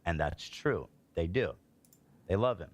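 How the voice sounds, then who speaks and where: A man's voice: low-pitched, lively intonation, measured pace. A man, a father, streaming heated political commentary, reading posts aloud and reacting with exasperated indignation. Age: adult, a parent.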